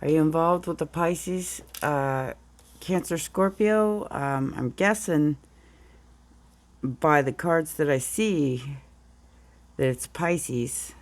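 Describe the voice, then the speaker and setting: A woman with a deep voice reads tarot cards slowly, leaving long pauses. Slightly unwell and groggy-sounding in the morning, she meanders casually, talking through each card as she goes.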